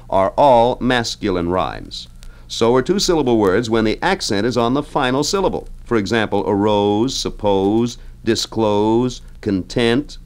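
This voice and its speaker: Male radio trivia host, middle-aged, breezy and folksy, very animated pitch, chatty asides. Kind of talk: scripted radio trivia segment. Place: radio studio.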